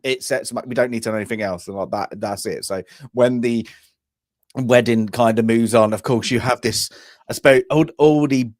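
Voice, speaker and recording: A man's voice: medium pitch, moderate pace, no room sound, studio quality. A man co-hosting a casual film review podcast, rambling with plenty of fillers. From England. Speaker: podcast co-host.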